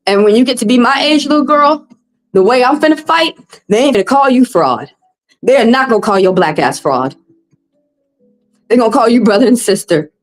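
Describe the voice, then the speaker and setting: A woman's voice: fairly high pitch, lively intonation, normal speed, long pauses, faint music behind, low-quality recording. Fiery, foul-mouthed woman streamer. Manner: impassioned, profane, blunt. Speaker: tarot reader livestream host. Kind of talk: heated livestream monologue.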